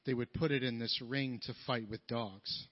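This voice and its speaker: A man leading worship, talking informally between songs in a soft, halting way with many fillers. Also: mid-range voice, steady tone, muffled recording. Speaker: worship leader.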